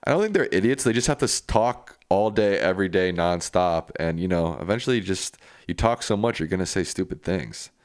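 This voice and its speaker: A man's voice: deep voice, expressive, fairly quick, few pauses, no room sound, clean studio sound. A man hosting a live stream, reading viewer comments aloud and answering them in a casual, plainspoken way.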